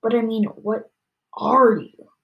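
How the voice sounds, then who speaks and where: A woman's voice: a little high, steady tone, takes it slowly, creaky, distant mic, dull audio. A woman reading aloud the lines of a curious, eager young boy. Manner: curious, hushed.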